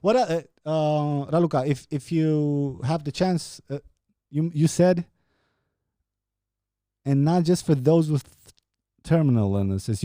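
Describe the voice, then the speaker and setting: A young man talking loosely to his viewers, swearing and laughing as he rambles from one thing to the next. His voice is warm and darkish, recorded close and dry with no room sound. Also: fairly high pitch, no echo. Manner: rambling, profane, laughing often. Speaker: podcast host. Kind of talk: casual chat with live viewers.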